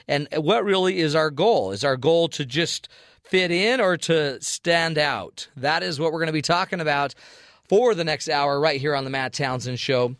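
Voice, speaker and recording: A man's voice: fairly high pitch, moderate pace, no room sound, studio quality. A man hosting a radio show, telling a comic story and acting out the voices in it. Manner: animated, acts out quoted voices. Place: radio studio. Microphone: studio mic.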